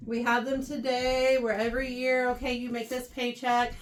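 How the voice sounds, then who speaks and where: A woman teaching a Bible lesson to a youth class, animated and often checking in with her listeners. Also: fairly high pitch, normal speed. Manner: animated, keeps checking in with "right?". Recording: voice heard from far off the mic.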